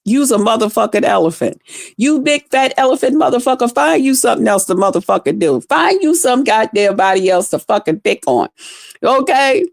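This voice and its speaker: A woman's voice: on the high side, moderate pace, creaky, no echo, studio quality. Profane, ranting woman vlogger. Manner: profane, animated, laughing, talks straight to viewers. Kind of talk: casual ranting monologue to viewers.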